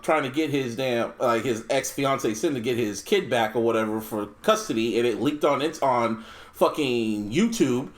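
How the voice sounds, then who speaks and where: A man co-hosting a podcast, chatting casually with friends and telling rambling, profane stories. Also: mid-range voice. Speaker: podcast co-host. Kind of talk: casual chat.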